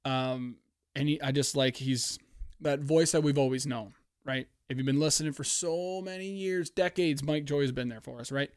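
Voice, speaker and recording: A man hosting a podcast, giving a casual, profane, excitable race recap with sudden loud outbursts. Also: medium pitch, moderate pace, smooth, dry recording, studio quality. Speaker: podcast host.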